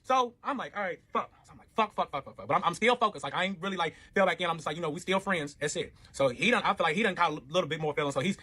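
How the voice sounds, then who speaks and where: A man's voice: a little high, bright, forceful tone, husky. A man telling his own relationship story in a casual storytime, profane and rambling, with lots of filler and quoted back-and-forth.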